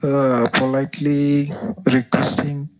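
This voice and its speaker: A man's voice: mid-range voice, completely flat delivery, slight background noise. A man, a student speaking hesitantly in an online class. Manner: hesitant, halting speech.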